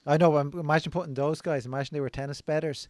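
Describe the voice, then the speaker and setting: A man hosting a podcast interview, relaxed, laughing along and giving short reactions. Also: fairly high pitch, quick pace. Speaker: podcast host. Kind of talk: casual interview chat.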